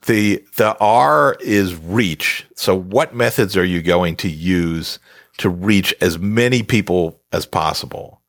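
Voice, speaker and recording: A man's voice: low-pitched, vocal fry, a bit bright, dry recording, clean studio sound. A man, an author guest on a podcast interview, explaining his advice emphatically and scolding playfully.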